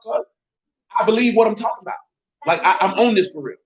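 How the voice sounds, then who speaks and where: A man giving informal, blunt Bible teaching in slangy, emphatic speech that sometimes rises to shouting. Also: high voice, animated, fast, lo-fi sound.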